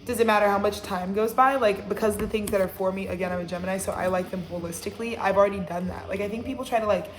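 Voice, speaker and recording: A woman's voice: medium pitch, fast, few pauses, reverberant. A woman giving a casual, rambling tarot reading, talking bluntly and swearing freely. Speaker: tarot reader.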